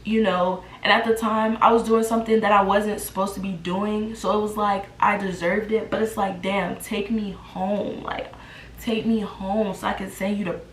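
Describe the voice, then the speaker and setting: A woman in her twenties telling a casual storytime, animated and acting out what people said. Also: medium pitch, moderate pace, slight background noise. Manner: animated, acts out the quotes. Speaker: vlogger. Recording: roomy echo.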